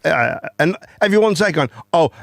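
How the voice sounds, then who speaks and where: A man's voice: on the high side, lively intonation, moderate pace, creaky, no echo, studio quality. A man, hosting a casual chat and telling a long story, rambling, swearing and repeating words. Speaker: host.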